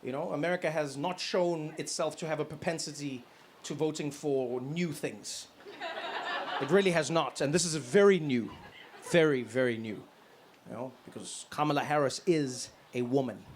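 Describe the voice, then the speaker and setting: A man performing a stand-up comedy set on stage, animated and full of acted voices and sound effects. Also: a little high, moderate pace, background noise. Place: comedy stage before an audience.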